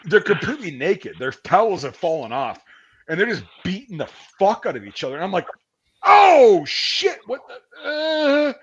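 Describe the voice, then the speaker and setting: A man telling stories on his stream in a loose, profane, rambling way. His pitch jumps around a lot as he gets into it. A faint background noise sits under his voice. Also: highs cut off. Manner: profane, rambling, animated storytelling. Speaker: stream host. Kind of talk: casual storytelling chat.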